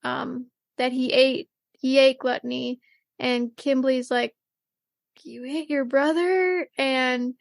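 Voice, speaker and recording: A high-pitched woman talks through an anime episode on a casual podcast, rambling with plenty of "like"s and popping into short silly quotes. Her voice is close and dry, with no room sound at all. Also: gravelly, fairly bright tone, no echo. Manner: chatty, rambling, many "like"s and fillers, quick acted-out quotes. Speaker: podcast co-host. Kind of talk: casual anime recap chat.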